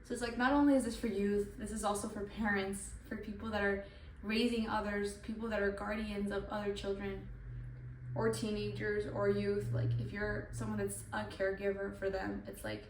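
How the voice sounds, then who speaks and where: A woman's voice: mid-range voice, little pitch movement, moderate pace, a little mellow, recorded from a distance. A young woman giving an earnest devotional Bible talk, repeating herself with many "like" fillers. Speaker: channel host. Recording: echoey room, voice off-mic, faint noise.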